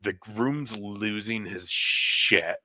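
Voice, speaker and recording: Speaking in a lowish voice at an extremely slow pace, a young man co-hosting a podcast spins a casual story and animatedly plays the people he quotes. The close-mic recording is dry.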